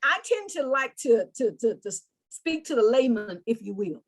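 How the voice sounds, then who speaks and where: A woman's voice: a little high, big pitch swings, moderate pace. A woman anger management coach in an interview, explaining earnestly with examples and often repeating words.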